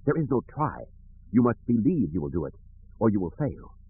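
A man reading an audiobook, voicing a calm, stern male Jedi master who speaks in a measured, quiet way. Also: lowish voice, breathy edge, exaggerated voice. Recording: tinny phone-like audio.

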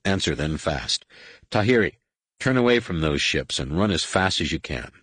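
A man voicing a blunt ship captain who gives short orders, in a husky voice. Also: extremely low pitch, very animated, normal speed, fairly bright tone, dry recording, exaggerated voice. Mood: terse. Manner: blunt, commanding. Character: terse male ship captain.

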